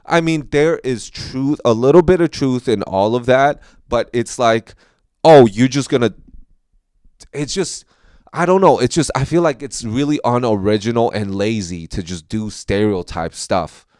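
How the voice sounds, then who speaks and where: A man's voice: mid-range voice, normal speed, a little mellow, clean tone, no echo, studio quality. A man hosting a podcast, talking casually and rambling with many restarts and fillers. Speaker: podcast host, comedian.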